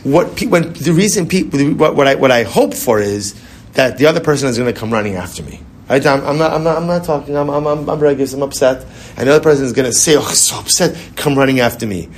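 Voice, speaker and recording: A man's voice: mid-range voice, expressive, quick pace, slight background noise. Man teaching a conversational Torah class. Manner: conversational, repeats phrases, asks rhetorical questions; mixes Hebrew terms into English.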